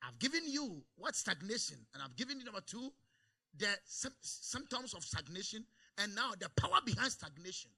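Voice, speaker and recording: A man preaching to a congregation with a high, very bright voice that cuts through the room. His tone is gravelly and husky, and he jumps from hushed asides to loud exclamations, calling out for amens. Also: normal speed. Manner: animated, shifts between quiet asides and loud exclaims. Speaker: pastor. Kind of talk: preaching a sermon. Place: church service.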